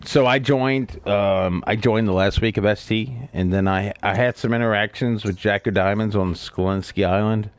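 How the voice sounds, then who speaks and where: A man's voice: fairly low pitch, fairly even intonation, moderate pace, few pauses, no room sound. A man hosting a casual podcast chat, telling stories with frequent swearing. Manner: profane, storytelling. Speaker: podcast host.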